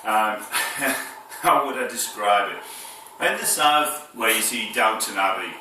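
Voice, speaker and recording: A lower-pitched man with a northern English accent and a very bright tone rambles to camera in a casual vlog, hesitant, full of fillers and restarts, chuckling between phrases. He sounds set back from the mic in a very echoey room. A faint hiss sits under his voice. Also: takes it slowly, recorded from a distance. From north of England.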